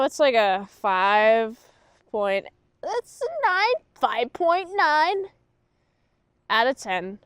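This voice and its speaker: High-voiced sarcastic woman reviewer. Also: clear, resonant tone, no echo, studio quality. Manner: blunt and sarcastic, acts out characters in quick quoted voices. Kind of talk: casual spoken review.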